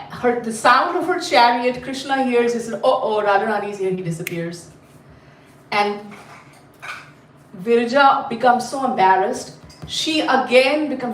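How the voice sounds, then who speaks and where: A woman with a fairly high voice tells a story to a group in a lively, chatty way, often asking her listeners questions. She sits away from the mic, so the sound is roomy with a faint hum of ambience behind her. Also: recorded from a distance. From India. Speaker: storyteller teaching a class.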